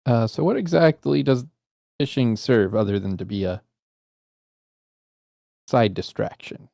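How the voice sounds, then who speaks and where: A man with an average-pitched voice chats with friends while they play. His voice sounds dry and close, and he likes to throw in joking tangents. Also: expressive, measured pace, creaky, dark tone, no room sound. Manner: chatty, joking asides. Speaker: co-player. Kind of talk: casual gaming chat.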